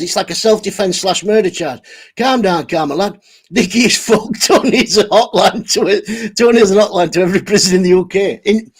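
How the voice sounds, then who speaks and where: A man's voice: sits high, breathy edge. A man ranting angrily on a livestream, swearing heavily and over-caffeinated. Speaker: channel host reading live chat. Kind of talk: angry livestream rant.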